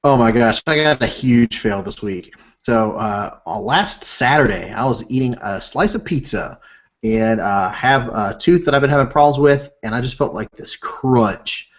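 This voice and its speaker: A man of middle pitch tells a story about himself in an animated, self-deprecating way. He is a podcast co-host chatting with friends. The audio is dull and lo-fi. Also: moderate pace. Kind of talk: casual storytelling chat.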